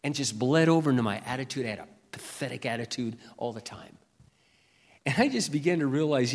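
An older man preaching a sermon with impassioned delivery, dropping to a hush and rising to loud peaks. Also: mid-range voice, expressive, brisk. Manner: impassioned, swings from hushed to loud. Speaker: pastor. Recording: long reverb of a hall.

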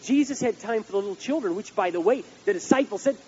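Guy preaching, gets loud then drops way quiet, kinda high voice, muffled lo-fi tape w/ faint hiss. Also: quick pace. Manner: animated preaching, swinging from loud outbursts to hushed asides. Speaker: pastor. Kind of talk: sermon.

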